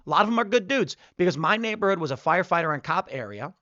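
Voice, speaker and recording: A man's voice: high voice, expressive, fast, bright, forceful tone, no echo, muffled recording. A middle-aged man from Chicago with a Chicago accent, hosting a political commentary show and telling rambling stories. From United States. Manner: rambling storytelling, acts out quotes.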